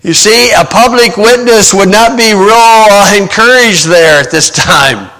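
High, bright-voiced male preacher in a hall. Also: measured pace. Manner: plain-spoken, sarcastic asides, quotes scripture in mock voices. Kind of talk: sermon. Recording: long hall reverb.

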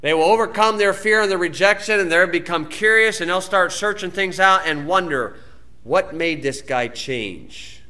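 A man preaching a sermon, telling folksy stories and reading scripture, his voice climbing loud then dropping low. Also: a little fast, few pauses. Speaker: pastor.

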